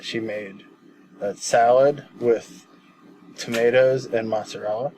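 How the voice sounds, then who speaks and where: A man's voice: medium pitch, fairly even intonation, slow, a little mellow, slight background noise, poor audio. A man co-hosting a casual movie podcast, telling rambling stories with a joking tone and frequent laughs. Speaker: podcast co-host. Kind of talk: casual chat.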